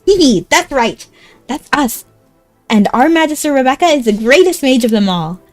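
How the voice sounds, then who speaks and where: A woman's voice: sits high, big pitch swings, moderate pace, a little mellow, no echo, soft background music, voice pushed up. A woman voicing a brave but easily scared male hamster knight who talks about himself in the third person. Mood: cheerful.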